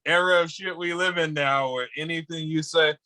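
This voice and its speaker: A man's voice: a little high, steady tone, normal speed, sharp tone. A man co-hosting a podcast over a video call, laughing often and slipping into mocking voices. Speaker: podcast co-host. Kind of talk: casual chat.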